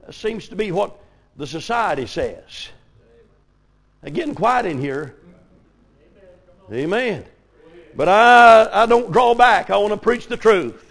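An older man preaching a folksy revival sermon, telling stories and rising to sudden shouts. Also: sits high, lively intonation, slow pace, vocal fry, long pauses. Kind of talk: old-fashioned revival sermon.

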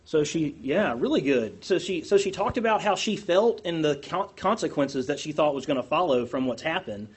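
Man teaching a class with a husky voice. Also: fairly high pitch, moderate pace, few pauses. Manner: animated, asks the group questions, self-deprecating.

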